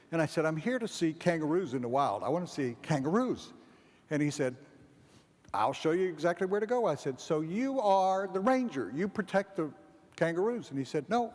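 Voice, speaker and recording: A man's voice: a little high, darkish tone. A man giving a humorous keynote speech, rambling through a comic story and acting out the dialogue. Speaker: keynote speaker. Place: large event hall. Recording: long hall reverb, faint background ambience.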